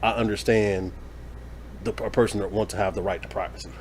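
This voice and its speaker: A man talking things over in a laid-back podcast chat, mid-pitched and measured, hesitating as he works through his points. Faint room ambience sits under his voice. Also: a little hiss or hum. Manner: relaxed, thoughtful, hesitant with fillers. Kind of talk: casual chat.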